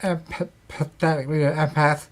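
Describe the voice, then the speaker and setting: A man, a guest on a talk show, telling paranormal stories in casual chat, animated and acting out quotes. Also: fairly high pitch, a little fast. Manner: animated storyteller, acts out quotes.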